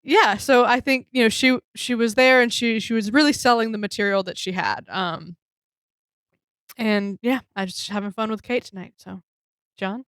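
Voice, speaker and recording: A woman co-hosts a podcast, chatting casually about a comedy show while leading the segments. She's relaxed and laughs easily, with a voice on the high side and a moderate pace. The recording is dry and studio quality.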